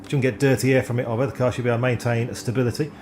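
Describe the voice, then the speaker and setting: A man giving live, rambling commentary on an online sim race, excitable and often stumbling over driver names. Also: mid-range voice, racing, slight background noise.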